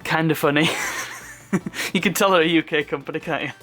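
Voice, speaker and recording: A man's voice: fairly high pitch, fairly even intonation, normal speed, sharp tone, faint music behind. A man casually chatting through an unboxing, rambling off on asides and chuckling at his own remarks. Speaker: unboxing video host.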